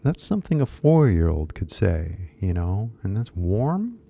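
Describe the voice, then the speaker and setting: Gravelly dark-voiced American man teaching. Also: low voice, very animated, measured pace. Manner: rambling, emphatic, repeats key words. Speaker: English teacher. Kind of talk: casual English pronunciation lesson.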